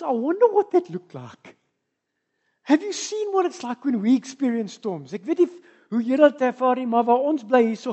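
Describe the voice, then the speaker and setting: A woman with a South African accent preaching a sermon, moving between soft asides and loud, emphatic passages. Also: a little high, slightly rough, lo-fi sound.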